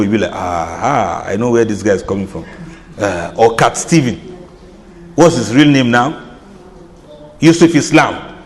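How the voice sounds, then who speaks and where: A man giving an informal religious lecture, chatty and often laughing, playing out reactions with soft drawn-out sighs. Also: medium pitch, in a large hall. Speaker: Islamic lecturer. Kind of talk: informal sermon.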